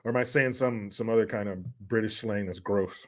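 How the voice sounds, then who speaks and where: This American man talks at a slightly fast clip in a fairly low, steady voice. He's a live streamer reading donations, chatting casually, rambling, joking, and swearing freely.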